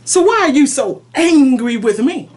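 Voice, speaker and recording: A woman preacher delivers a prophetic message in God's voice, pleading and emphatic, moving between softness and force. Her voice is high-pitched and expressive, and she speaks a little slowly.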